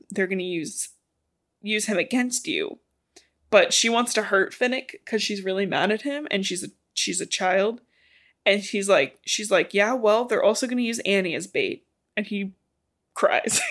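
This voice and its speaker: A podcast co-host with a medium-pitched, fairly bright female voice walks through a novel's plot. It's a relaxed, chatty book recap with the odd bit of swearing.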